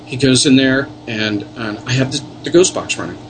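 A man's voice: mid-range voice, normal speed, a little hiss or hum, low-quality recording. A man, a paranormal investigator, telling earnest, rambling stories in a casual interview. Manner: earnest, rambling storyteller with many restarts.

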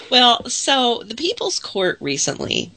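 A woman co-hosting a radio talk show, hoarse from a cold, chatting casually with lots of laughs and restarts. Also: lowish voice, pushed and bright, dry recording. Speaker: radio co-host. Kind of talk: casual chat.

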